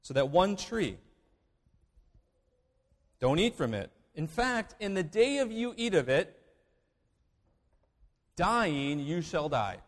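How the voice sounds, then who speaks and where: A man preaching in a church sanctuary, his voice high and animated, rising to loud declarations and dropping to hushed asides. The sound carries the long reverb of a large hall. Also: measured pace, pauses often. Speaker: pastor. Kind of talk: sermon.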